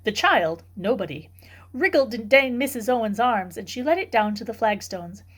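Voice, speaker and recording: A woman reading a novel aloud for a book club, in steady, clear storytelling narration. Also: a little high, normal speed.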